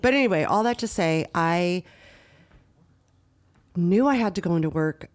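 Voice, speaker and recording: A young woman with a fairly low-pitched voice chats casually on a podcast. She rambles through a story with lots of restarts and brings it to life by acting out what everyone said. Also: normal speed. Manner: rambling, animated retelling with quoted dialogue. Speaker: podcast co-host.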